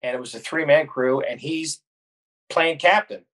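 A middle-aged man, a pilot guest on a podcast, telling lively stories in casual chat and laughing at his own tales. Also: medium pitch, moderate pace, no room sound.

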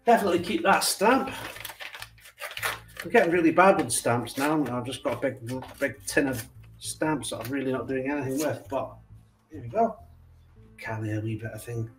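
A Scottish man chatting casually in a vlog as he opens his fan mail, with frequent warm exclamations and asides to his cat. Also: medium pitch, normal speed, far from the mic, faint music behind. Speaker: coin collecting channel host. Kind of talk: casual vlog chat while opening mail.

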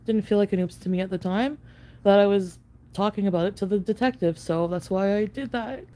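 An online video creator vents to the camera in a rambling, profane confessional rant, saying she's high on an edible. Her speech is brisk and warm but packed with fillers and restarts.

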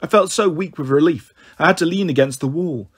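Husky man reading a children's story. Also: fairly quick. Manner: voices the characters with lifted pitch. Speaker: narrator.

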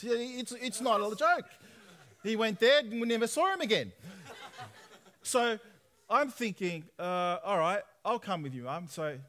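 A man, preaching a personal testimony sermon in lively storytelling style, acting out dialogue. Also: sits high. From Australia. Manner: animated storytelling, acts out dialogue with laughs.

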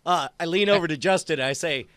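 A man playing in a tabletop role-playing game, excitable and stammering, often laughing. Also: on the high side, fast talker, no room sound. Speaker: player. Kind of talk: tabletop role-play banter.

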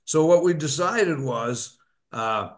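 A man hosting a casual, joking bar chat on a live stream, talking in loose, drawn-out banter. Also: fairly high pitch, expressive. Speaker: podcast host.

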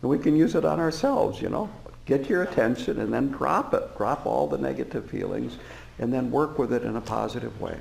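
A man giving a dharma talk as a Buddhist teacher, telling stories in a relaxed way with frequent fillers and chuckles. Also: medium pitch, fairly quick, creaky, slight background noise. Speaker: Buddhist teacher and former prison chaplain. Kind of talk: dharma talk to a live audience. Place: meditation center hall. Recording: roomy hall reverb.

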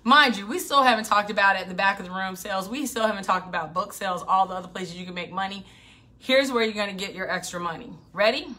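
A middle-aged woman business coach giving an animated, emphatic motivational talk, hammering her points with repetition. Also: medium pitch, fast. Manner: emphatic, animated, repeats for punch.

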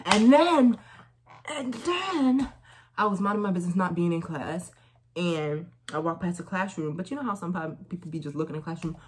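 Young woman with a low voice vlogging a haul, chatty slangy storytelling, slight hiss behind. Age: young adult. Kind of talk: casual try-on haul chat.

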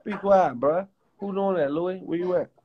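A man's voice: high-pitched, normal speed, muffled recording, background noise. A man from the Washington DC area on a casual livestream, joking and cursing, often breaking into laughter.

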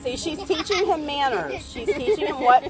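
A woman's voice: high-pitched, sing-song, moderate pace, over music, poor audio. A woman filming her dog in a yard, cooing and gushing over a puppy and laughing often. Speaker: dog owner vlogger. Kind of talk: casual home video chat. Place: outdoors in a yard.

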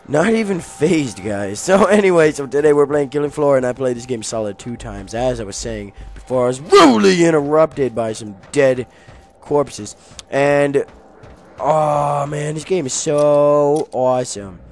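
A young man giving casual, jokey commentary while playing a video game, often yelling at enemies. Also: fairly high pitch, a little slow. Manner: excitable, jokey, yells at enemies. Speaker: gaming YouTuber.

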